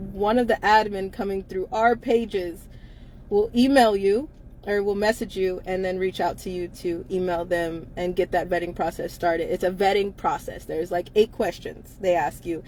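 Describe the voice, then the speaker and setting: A woman's voice: mid-range voice, a little mellow, a little hiss or hum. A woman co-hosting a casual live-stream chat from inside a car, blunt and emphatic, laughing often between her lines.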